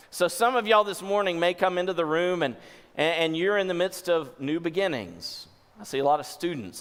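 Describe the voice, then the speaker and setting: A man's voice: a little high, clear, resonant tone. Man preaching in a reverberant church hall. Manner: shifts between soft hushed tones and forceful lines when voicing scripture. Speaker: pastor. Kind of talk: sermon. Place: church sanctuary.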